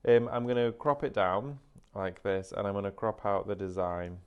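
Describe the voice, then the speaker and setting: Low-voiced man demonstrating crafts. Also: steady tone, normal speed, clear, resonant tone, lo-fi sound. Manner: chatty step-by-step explaining. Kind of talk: live shopping craft demo.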